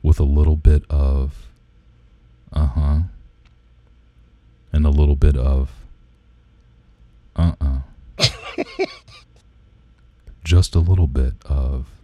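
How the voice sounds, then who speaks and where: A sultry crooning lover from a spoof ASMR clip, as a man puts him on, sinking into a very deep rumble and stretching every word. The tone is dark and mellow, captured dry and close with no room sound. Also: flat delivery, slow, pauses often, no echo.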